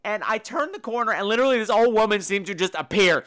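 Animated storytelling man with a smooth voice. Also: high-pitched, fast, few pauses. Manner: animated, profane, theatrical, acts out quotes. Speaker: podcast host. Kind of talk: comedic personal storytelling.

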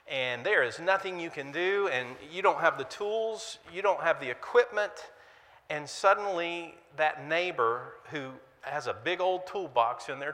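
A man preaching a sermon and leading prayer as pastor, with emphatic rhetorical questions and pauses. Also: fairly high pitch, bright, forceful tone, big-room sound.

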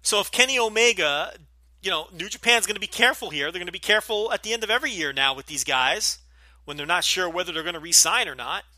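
A man's voice: sits high, animated, fast talker, pushed and bright, no echo. Blunt, profane man with a light Jersey accent. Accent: light New Jersey. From New Jersey. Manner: blunt, profane, rambling with many fillers. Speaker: podcast host. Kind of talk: casual Q&A podcast.

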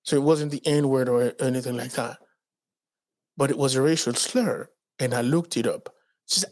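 Male podcast co-host from the Dominican Republic, lively storyteller with a pitch that swings widely, voices his quotes, blunt talker. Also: normal speed. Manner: animated storyteller acting out quotes in raised voices; swears freely.

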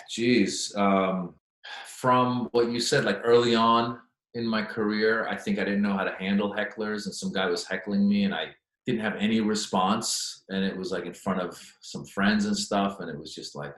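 A man, a stand-up comedian, answering interview questions in an animated, chatty storytelling way. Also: fairly low pitch, moderate pace. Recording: echoey room.

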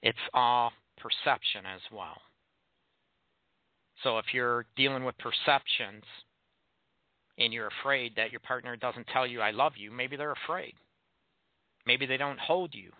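In a mid-range voice, measured and pausing often, a man hosting a relationship advice call-in radio show speaks bluntly, throwing rhetorical questions at his listeners. No room sound comes through; the audio is dry and tinny, like a phone.

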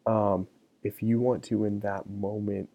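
Middle aged guy on his podcast, low gravelly voice, loose and rambly with lots of ums. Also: a little slow, narrow, tinny audio. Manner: relaxed, many fillers like um and you know. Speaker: podcast host. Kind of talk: casual solo podcast talk.

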